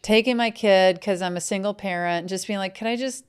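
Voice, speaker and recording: Dry, smooth-voiced middle-aged woman. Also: mid-range voice. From Mississippi, USA. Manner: dry, unhurried, deadpan storytelling. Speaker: podcast guest. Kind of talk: casual comedic chat.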